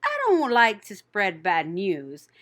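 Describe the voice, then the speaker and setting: A woman's voice: mid-range voice, huge pitch swings, slow pace, fairly bright tone, heavily acted. A woman voicing a blunt, gossipy old female sheep who talks in a snappish, matter-of-fact way.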